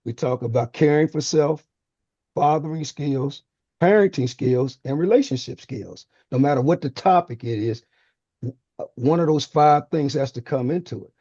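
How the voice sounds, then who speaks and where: A man on a radio panel lays out his fatherhood lessons in a calm, explanatory way. His voice is dark and a little husky. The line sounds dull and muffled. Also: a little high, moderate pace, no room sound. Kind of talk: casual radio panel talk.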